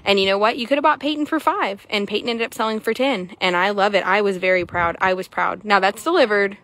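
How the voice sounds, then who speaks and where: A woman, chatting excitably to viewers while showing a horse for sale in an arena. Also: medium pitch, quick pace. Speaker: horse seller. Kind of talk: casual sales chat while riding.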